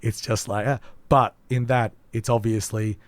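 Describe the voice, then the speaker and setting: A hoarse man, co-hosting a podcast and reviewing a game in casual, rambling chat with many ums. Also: medium pitch, fairly even intonation, normal speed, no room sound. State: hoarse, voice nearly gone. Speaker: podcast co-host.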